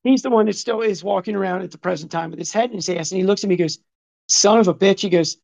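This man's voice is high, creaky and darkish in tone, and he talks very fast. In his fifties, he rambles profanely through a lengthy story in casual chat, full of side comments and reported speech, recorded dull and lo-fi.

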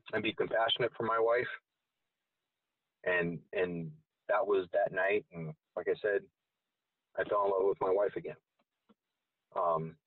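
A man's voice: on the low side, husky, no room sound, far from the mic. A man telling a long personal story in a casual, rambling way with frequent swearing. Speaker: guest. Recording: tinny phone-like sound from off-mic.

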